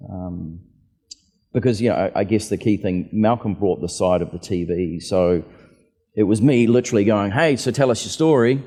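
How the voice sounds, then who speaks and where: A man's voice: lowish voice, moderate pace, warm tone, husky. A man telling stories casually on stage as an author at a book festival, acting out the voices of people he met. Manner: chatty, acts out quoted voices. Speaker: author and aviator, festival guest. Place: festival venue hall. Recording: reverberant hall.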